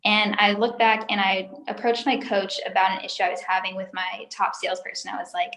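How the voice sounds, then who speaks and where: A woman's voice: mid-range voice, level tone, fairly quick, hardly any pauses, a bit bright, roomy sound, low-quality recording. A young woman telling her story as an interview guest, talkative and emotional, with many filler words. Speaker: interview guest, former sales recruiter. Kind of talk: candid personal story in an interview.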